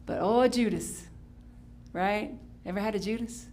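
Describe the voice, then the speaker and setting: A woman pastor preaching a Sunday sermon in a chatty, playful way, breaking into sudden high exclamations and correcting herself as she goes. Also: moderate pace, a little mellow, slight background noise. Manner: chatty, with restarts and self-correction. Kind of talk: live-streamed Sunday sermon.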